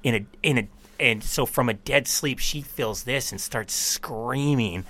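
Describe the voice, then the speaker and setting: A man's voice: mid-range voice, a little slow, bright, forceful tone, no echo. A man co-hosting a casual podcast chat, telling long rambling anecdotes and swearing freely.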